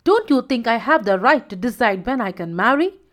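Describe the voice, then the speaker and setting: A woman's voice: on the high side, lively intonation, fairly quick, fairly bright tone. A woman voicing a proud, headstrong young male lion who speaks in a self-assured, stubborn way.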